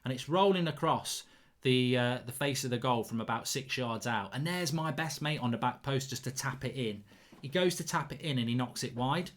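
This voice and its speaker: A man, rambling through a casual story as host, restarting sentences and getting loud when he acts out his anger. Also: mid-range voice, normal speed. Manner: rambling, self-interrupting, gets loud and heated when acting out anger.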